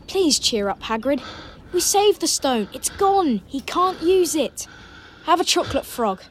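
A woman's voice: high voice, very animated, a little slow, a little hiss or hum. A woman voicing an earnest, loyal young schoolboy who talks eagerly. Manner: eager, earnest boyish talk.

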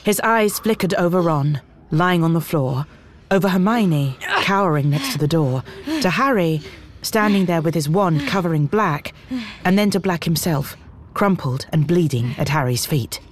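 An audiobook narrator reading fantasy in a measured, dramatic storytelling manner. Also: medium pitch, animated. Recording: music bed under narration. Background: background music.

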